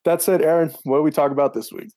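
A man hosting a podcast, moving the talk along in a brisk, dry way. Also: a little high, fairly even intonation, dark tone, no room sound. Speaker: podcast host.

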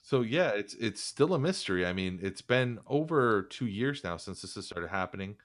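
A man's voice: fairly low pitch, animated, moderate pace, dry recording, clean studio sound. A man hosting a casual podcast chat, rambling and sardonic, swearing freely as he reads from and mocks an article.

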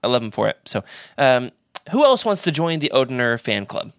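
Animated, enthusiastic man hosting a podcast. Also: mid-range voice, smooth, dry recording, studio quality. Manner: enthusiastic, animated, quick jokes. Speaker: podcast host. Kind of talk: casual roundtable chat.

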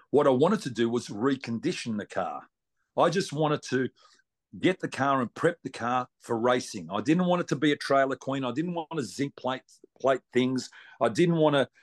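Blunt Australian man spinning a yarn. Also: medium pitch. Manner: blunt, salty, colloquial. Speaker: racing driver guest. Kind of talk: casual storytelling.

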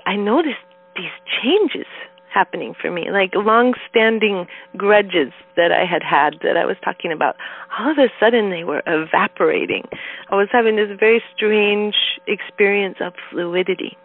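A woman's voice: medium pitch, animated, moderate pace. A woman neuroscience educator, a guest in an interview, telling her story with animation and acting out quoted voices. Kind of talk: conversational interview. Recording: tinny phone line.

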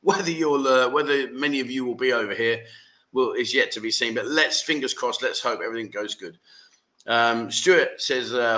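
A man's voice: medium pitch, moderate pace, pushed and bright. A man hosting a casual livestream, reading viewer comments aloud and chatting in a jokey, teasing way. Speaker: livestream host.

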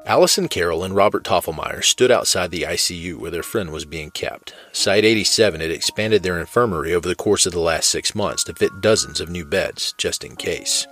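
A man narrating fiction in a steady, measured way. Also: deep voice, soft background music.

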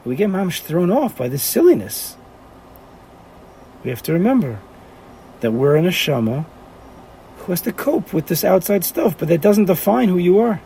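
Man, teacher, lively class lecture, animated, rhetorical questions, slightly high voice, faint background noise. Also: moderate pace, long pauses.

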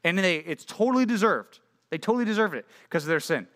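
A youth pastor preaches to junior high students in a relaxed, conversational way, stopping often to ask them questions. His voice sits a bit high for a man and comes across bright and forceful. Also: fast talker. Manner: casual and conversational, asks listeners questions. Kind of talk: youth sermon. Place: church youth group meeting.

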